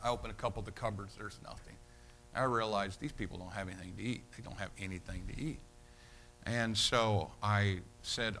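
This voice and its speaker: A pastor telling a story in a sermon, folksy, repeating his words and swinging from loud emphasis to hushed tones. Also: lowish voice, steady tone, moderate pace, a little hiss or hum.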